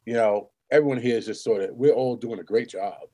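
A man in casual talk with a middle-pitched voice. He speaks bluntly, swears often, and drops into the voices of the people he quotes. He talks like a paramedic sharing stories from his job. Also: fairly quick, dark tone. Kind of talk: casual chat.

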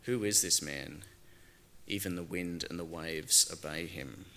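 Brief: scared fishermen disciples in a children's story, read by a male pastor, deep yet bright tone. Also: moderate pace, a little hiss or hum, exaggerated voice. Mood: awed whisper. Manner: panicked, then hushed and awed.

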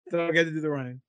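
A man's voice: fairly high pitch, fairly bright tone, no echo. A man co-hosting a casual fan podcast, joking and teasing his partner. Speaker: podcast co-host.

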